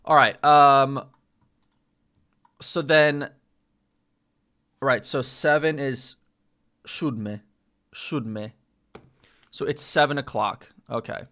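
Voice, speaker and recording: A man's voice: medium pitch, steady tone, very slow, pauses often, pushed and bright. A man streaming live, learning a language and thinking aloud, repeating phrases and correcting himself. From United States. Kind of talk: casual live-stream self-study.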